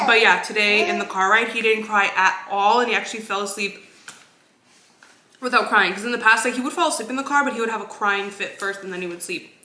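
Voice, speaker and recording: A woman's voice: medium pitch, bright, forceful tone, roomy sound. A young woman chatting casually in a vlog, talking while she eats at home. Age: young adult. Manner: chatty, talks while eating. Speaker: vlogger.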